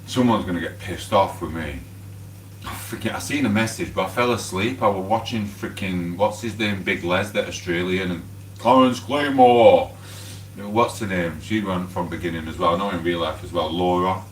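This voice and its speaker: A man's voice: deep voice, moderate pace, fairly bright tone. An English man rambling casually on a live stream while he cooks in his home kitchen. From England. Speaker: livestreamer. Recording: echoey room, mic at a distance, faint hum.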